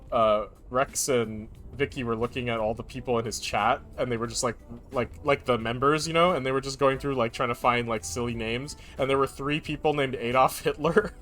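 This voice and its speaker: A man's voice: medium pitch, a bit bright. Rambling, jokey young man streaming. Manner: rambling, jokey, talks baby talk to his cat. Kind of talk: casual chat.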